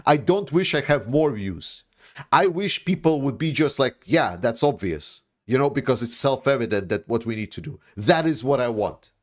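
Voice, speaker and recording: A middle-pitched man from the former Soviet region delivers an impassioned political monologue on his livestream. He hammers his points with repetition and the odd burst of swearing. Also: animated, normal speed. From Eastern Europe, post-Soviet. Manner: emphatic, repetitive, swears when angry. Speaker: livestream host.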